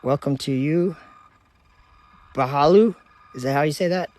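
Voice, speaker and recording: A man's voice: a little high, fast, darkish tone, no echo. A man from Minnesota hosting a casual live stream outdoors at night, chatting with viewers, reading their comments aloud and laughing easily, recorded on a phone. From United States (Minnesota). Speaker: livestream host.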